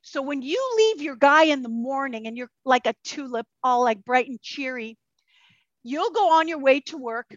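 Animated high-voiced woman guest swearing freely. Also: normal speed, no room sound, lo-fi sound. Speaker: podcast guest, empath. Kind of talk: casual interview chat.

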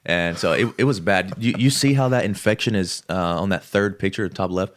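A man's voice: low voice, brisk. A man, a podcast guest, telling a story in casual talk and acting out the people he quotes. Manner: lively, acts out the people he quotes.

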